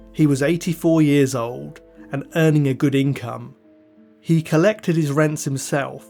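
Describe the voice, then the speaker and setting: A man narrates true crime for his podcast in a measured, dry, scripted delivery, dropping in the occasional wry aside. His voice sits a touch higher than most men's. A soft music bed runs quietly beneath him. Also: gravelly. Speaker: podcast host.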